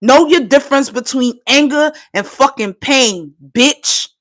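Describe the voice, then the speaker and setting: Woman from Trinidad, high-pitched, holding back tears, swearing hard through an insistent livestream rant. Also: measured pace, fairly bright tone. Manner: profane, impassioned, insistent. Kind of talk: emotional live-stream rant.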